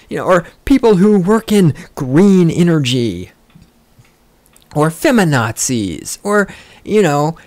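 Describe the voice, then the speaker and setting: Here a man with a somewhat high voice hosts a podcast, delivering a meandering, sarcastic, foul-mouthed rant that drifts off topic easily. There's no echo on the audio.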